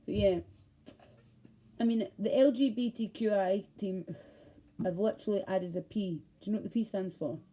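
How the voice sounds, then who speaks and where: Talking to camera at a moderate pace, a Scottish vlogger rants in a heated, rambling style, dropping swear words and cutting off her own thoughts. Her voice is mid-range and mellow.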